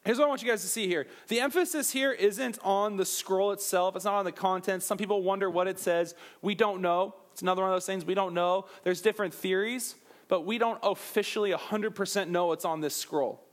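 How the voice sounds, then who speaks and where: Casual: high-pitched guy preaching, lively and jokey, talks right to the crowd like they're buddies. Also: a little fast. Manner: animated, jokey asides to the crowd. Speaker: pastor. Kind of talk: sermon.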